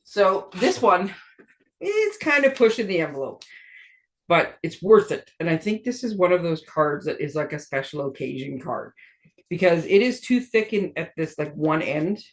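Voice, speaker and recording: In casual craft chat, this middle-aged woman from Canada demonstrates stamping and card-making, rambling along and often laughing at her own expense. She speaks at a normal pace in a lowish voice with big swings in pitch.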